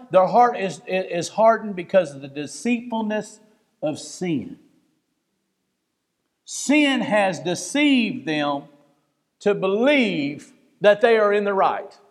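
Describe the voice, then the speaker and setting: A man preaching a fervent, emotional sermon in a church, swinging between loud pleading and hushed tones. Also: high voice, big-room sound. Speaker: pastor.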